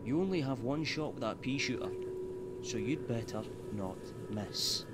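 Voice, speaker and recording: An actor voicing a cocky Scottish bounty hunter in a video game, with a smug, taunting manner. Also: male voice, medium pitch, expressive, moderate pace, close to an everyday voice. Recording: game audio with background noise.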